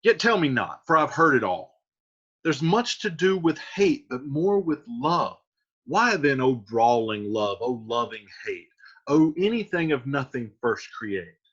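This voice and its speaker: A man's voice: medium pitch, big pitch swings, measured pace, fairly bright tone, husky, heavily acted. A man voicing Romeo, a lovesick, brooding young man, reading Shakespearean verse aloud in a lo-fi recording. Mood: anguished.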